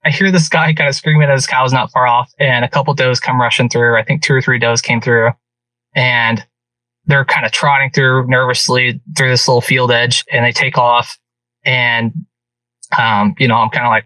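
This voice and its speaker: A man, a guest on a podcast, telling a hunting story in casual and animated speech. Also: mid-range voice, normal speed, no echo. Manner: animated, vivid retelling. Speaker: guest hunter. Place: podcast studio. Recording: distant from mic, dry.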